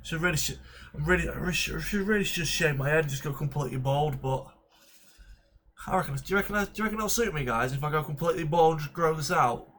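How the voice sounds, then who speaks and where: Jokey man, bright voice. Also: a little high, fast talker, slight background noise. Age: young adult. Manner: jokey, rambling asides with laughs. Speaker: reaction streamer. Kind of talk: casual chat.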